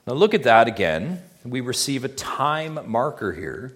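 A man's voice: medium pitch, big pitch swings, measured pace. Man preaching with emphatic rhetorical questions. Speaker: pastor. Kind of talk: sermon.

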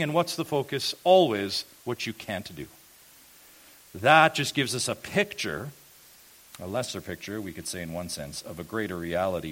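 A male pastor preaches an expository sermon, putting rhetorical questions to the congregation. He rises loud on key points, then drops low and soft.

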